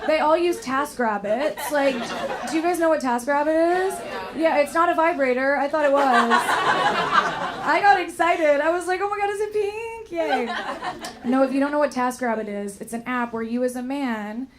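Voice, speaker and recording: A raspy young woman doing a brash, bawdy, self-mocking stand-up set on a comedy club stage. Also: sits high, moderate pace. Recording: loud crowd and noise in a club. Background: crowd laughing.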